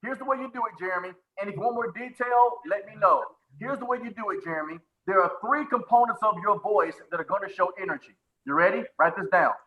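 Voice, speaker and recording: A man's voice: high-pitched, fast, few pauses, highs cut off. A man coaching a live webinar on sales presentations, who talks with energy, repeats his phrases and calls on attendees by name.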